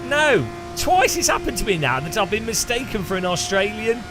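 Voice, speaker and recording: High-pitched and sing-song, a British man talks at a moderate pace with few pauses over music. In his casual sim racing live stream, he jokes with chat in a British English accent, laughs often and greets people by name.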